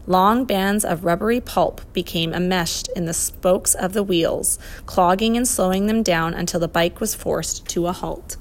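A woman reading a children's adventure story aloud, expressive and lively. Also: lowish voice, measured pace, hardly any pauses. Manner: expressive, voices the characters. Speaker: narrator.

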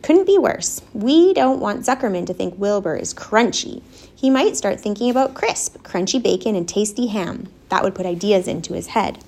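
A woman voicing a wise, kindly female barn spider in a storybook reading, speaking in a gentle but firm, patient way. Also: mid-range voice, lively intonation, moderate pace, gravelly.

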